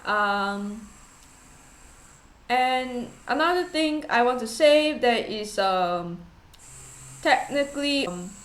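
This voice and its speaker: A young woman with a fairly high voice chats casually, rambling and giggling as she pokes fun at herself. Her voice bounces around a noticeably echoey room. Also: lively intonation, slow, long pauses, fairly bright tone. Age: young adult. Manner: rambling, giggly, self-deprecating. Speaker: VTuber streamer. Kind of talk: casual chat. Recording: roomy echo.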